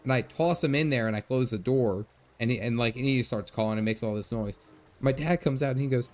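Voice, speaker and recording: A man's voice: mid-range voice, brisk. Chatty man livestreaming a game. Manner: chatty storyteller, frequent laughs and asides. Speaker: gaming livestreamer. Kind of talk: casual chat over gameplay. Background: faint game music.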